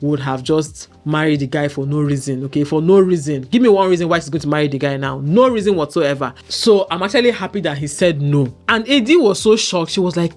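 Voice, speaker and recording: A woman with a Nigerian accent, hosting a casual commentary show in an animated, opinionated way and often checking in with "okay?". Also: low voice, a little fast, soft background music. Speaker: show host.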